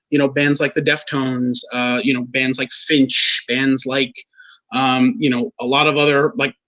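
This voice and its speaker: A man's voice: mid-range voice, fairly bright tone, poor audio. A man hosting a music podcast, talking casually and rambling with lots of ums and restarts. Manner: rambling, many fillers and restarts. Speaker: podcast host.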